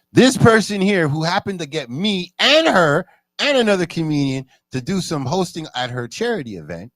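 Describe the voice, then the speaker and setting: A man in casual chat who tells stories animatedly, jumping up in pitch when he quotes people. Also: normal speed, dry recording, clean studio sound. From Canada. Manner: animated storyteller, jumps high in pitch for quoted speech.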